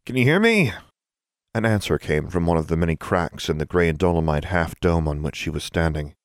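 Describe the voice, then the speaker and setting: Deep gravelly guy reading an audiobook, steady pace, dry close sound. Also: brisk, dry recording. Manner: steady, even storytelling. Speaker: narrator. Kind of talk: audiobook narration.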